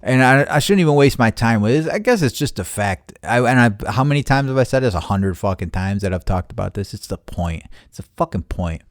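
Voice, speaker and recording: A man's voice: medium pitch, a little fast, no room sound. A man in the middle of a heated, profanity-laden rant on his podcast, acting out the voices of everyone involved. His voice sits in an ordinary mid range and is recorded dry and close, with no room sound. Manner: animated, swears constantly, acts out both sides of conversations. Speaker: podcast host.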